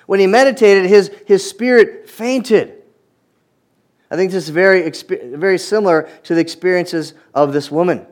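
A man's voice: sits high, normal speed. A man preaching a sermon, reading scripture aloud and reflecting on it in an earnest manner, often repeating words as he restarts.

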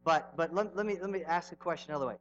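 A middle-aged male pastor preaching a sermon, telling stories with sudden swings from loud to hushed. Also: fairly high pitch, rapid-fire, muffled recording, slight background noise.

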